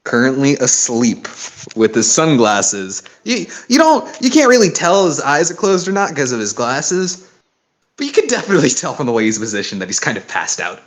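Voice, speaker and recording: Lively male game master narrating. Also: medium pitch, moderate pace. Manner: casual, descriptive, self-correcting.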